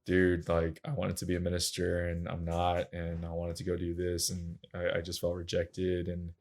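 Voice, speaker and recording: A man's voice: sits low, completely flat delivery, normal speed, darkish tone. A young man, a track and field coach, telling his story as a podcast guest in an earnest, candid, casual way full of slangy fillers.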